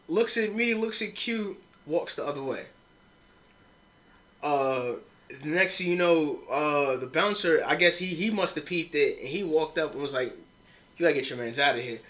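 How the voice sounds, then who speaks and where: A young man's fairly high voice comes across pushed and bright as he hosts a podcast. He's telling friends a rowdy, profanity-filled drinking story, quoting what everyone said.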